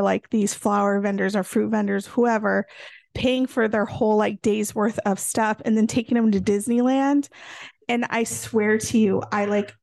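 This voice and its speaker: This podcast co-host has a fairly high, creaky voice and keeps things chatty, spinning animated stories with plenty of fillers. It's studio quality with no echo.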